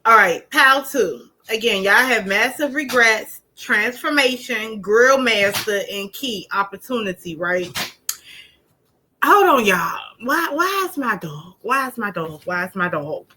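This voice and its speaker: A woman doing a laid-back pick-a-card tarot reading speaks directly to her viewers, chatty, slangy and lively. Her voice sits on the higher side and she keeps a measured pace, though the recording is rough.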